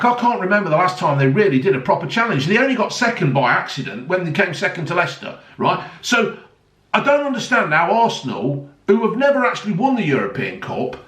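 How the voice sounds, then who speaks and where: Heated, sarcastic vlogger ranting with lots of swearing; recorded in an echoey room, set back from the mic. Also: male voice, high voice, fairly bright tone, recorded from a distance. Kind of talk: angry ranting monologue. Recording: roomy, voice a bit off-mic.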